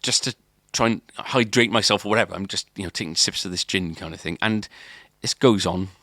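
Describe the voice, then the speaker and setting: Bright-voiced man telling a story. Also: sits low, fairly quick, dry recording, clean studio sound. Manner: rambling, many restarts and "kind of" fillers. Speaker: podcast co-host. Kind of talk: casual storytelling.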